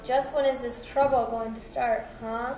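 A man's voice: extremely high pitch, flat delivery, normal speed, a little mellow, reverberant, voice pushed up. A man voicing an exasperated female barmaid, scolding a customer. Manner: scolding, impatient.

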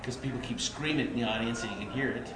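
A man's voice: medium pitch, fast talker. Podcast host: rambling self-mocking guy, echoey room, crowd noise behind. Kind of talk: casual chat.

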